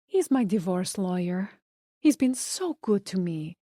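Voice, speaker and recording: A woman's voice: mid-range voice, very animated, a little slow, mellow, no room sound, clean studio sound. A woman doing a gushing Spanish-accented socialite. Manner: effusive, breathless admiration. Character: statuesque woman, gushing dog lover.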